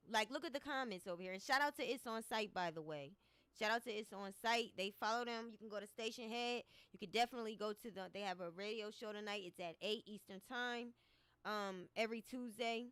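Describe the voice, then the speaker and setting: Emphatic bright-voiced woman vlogger. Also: fairly high pitch, a little fast, clear, resonant tone, dry recording. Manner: emphatic, repeating points. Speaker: commentary vlogger. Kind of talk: opinionated commentary vlog.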